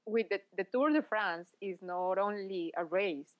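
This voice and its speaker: A woman's voice: mid-range voice, a little slow, dull audio. A woman co-hosting a podcast, chatty and exasperated in casual conversation. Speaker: podcast co-host. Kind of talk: casual chat.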